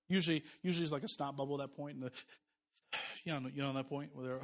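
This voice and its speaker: A man in his thirties, a pastor preaching a sermon, swinging between loud emphatic declarations and soft, quiet storytelling. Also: medium pitch, steady tone, fast.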